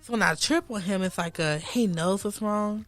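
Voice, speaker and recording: A young adult woman, a podcast guest, telling stories in an outspoken, animated way in casual chat. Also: mid-range voice, moderate pace, faint music behind.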